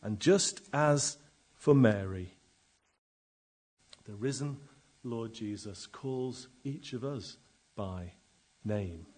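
A man preaching a sermon and reading scripture, dramatic, with slow emphatic pauses and sudden swells in loudness. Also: fairly low pitch, husky.

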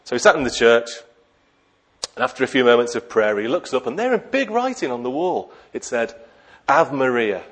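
A man's voice: medium pitch, expressive, brisk, fairly bright tone, slight background noise. A man preaching a sermon in a conversational way, with dry humour and questions to the listeners.

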